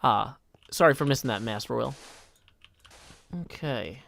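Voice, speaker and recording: A man's voice: mid-range voice, a little slow, gravelly, a bit bright. A man casually chatting on a live stream while he plays, joking and reading viewer messages aloud.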